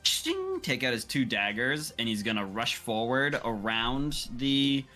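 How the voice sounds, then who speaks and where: A man's voice: medium pitch, a little slow, sharp tone, faint music behind. A man playing a tabletop game, describing his character's moves hesitantly and thinking aloud. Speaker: player.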